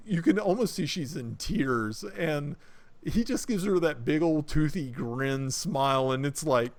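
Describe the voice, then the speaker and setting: A man's voice: on the high side, expressive, a little slow. A man narrating as game master of a tabletop game, hesitant, with many fillers and restarts.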